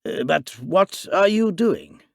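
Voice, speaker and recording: A male audiobook reader voicing a hearty, jolly doctor who scoffs at talk of magic, brisk and boisterous. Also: sits high, expressive, creaky, no echo, clean studio sound, pitched above the performer's own voice, exaggerated voice. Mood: jovial, dismissive.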